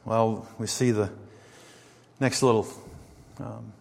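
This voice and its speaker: A man with a lowish, steady voice delivers a sermon slowly, with vocal fry and a long reverb tail. As he reads and interprets scripture, he alternates between hushed reflection and forceful emphasis.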